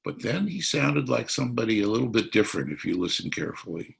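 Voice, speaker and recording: A man's voice: on the low side, very animated, quick pace, vocal fry, fairly bright tone, husky. A man speaking as a psychiatrist at a political forum, explaining his analysis.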